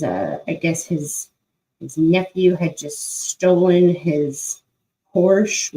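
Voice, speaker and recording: A young adult woman hosting her channel, telling a personal story in a halting, casual way with many fillers. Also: deep voice, mellow, rough recording. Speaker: YouTube channel host.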